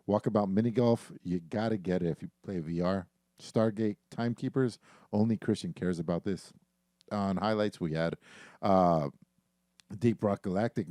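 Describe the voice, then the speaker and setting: A man's voice: sits low, warm tone, dry recording, studio quality. A man co-hosting a casual gaming podcast, talking loosely with lots of fillers and swearing. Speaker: podcast co-host.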